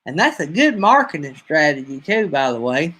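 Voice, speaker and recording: A man's voice: fairly high pitch, very animated, normal speed, sharp tone. A man in his fifties from North Alabama with a Southern accent, rambling folksily in a casual live-stream chat with his viewers. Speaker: livestream host.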